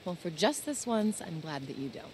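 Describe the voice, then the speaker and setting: A woman's voice: on the low side, big pitch swings, normal speed, darkish tone, a little hiss or hum. An actress playing a young woman scientist in a video game, wry and teasing, with a dry, easily amused manner. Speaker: game character. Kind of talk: video game dialogue acting.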